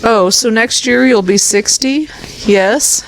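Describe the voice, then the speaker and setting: A woman's voice: fairly high pitch, takes it slowly, creaky, low-quality recording. A woman co-hosting a podcast, reading funny listener stories aloud and often laughing. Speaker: podcast co-host.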